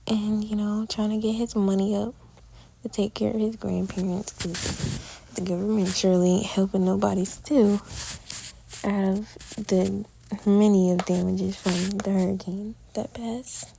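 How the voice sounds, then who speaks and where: Very gravelly young woman vlogging. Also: mid-range voice, level tone, measured pace, dark tone, a little hiss or hum, poor audio. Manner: chatty, loose slangy storytelling. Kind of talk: casual travel vlog narration.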